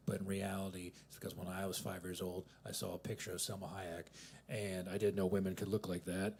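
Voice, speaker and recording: A man in his thirties doing a self-deprecating open mic stand-up set in a coffee house, swinging between loud punchlines and mumbled asides. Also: sits low, level tone, fairly quick. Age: 30s. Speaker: stand-up comedian.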